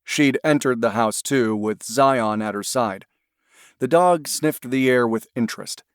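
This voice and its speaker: Brief: male audiobook narrator, mid-pitched, dry close studio sound, measured delivery. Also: clean tone, no room sound. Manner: steady, measured storytelling.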